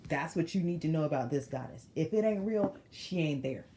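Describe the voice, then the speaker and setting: Animated tarot reader woman, laughing. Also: low voice, fairly quick, echoey room, slight background noise. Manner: animated, laughs often, slangy and emphatic. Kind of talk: casual tarot reading to viewers.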